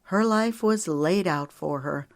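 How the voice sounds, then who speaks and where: A woman narrating an audiobook in measured, steady storytelling. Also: fairly low pitch, no room sound, studio quality. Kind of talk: scripted narration.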